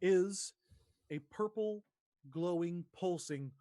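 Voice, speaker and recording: A man narrating as dungeon master in a tabletop game, describing scenes haltingly with many fillers. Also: fairly high pitch, animated, warm tone, dry recording, clean studio sound.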